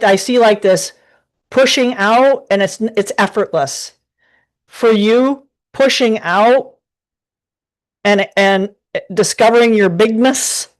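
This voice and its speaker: A woman giving a casual live tarot reading from her desk at home, talking in a rambling, chatty way with many restarts. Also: a little high. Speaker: tarot reader.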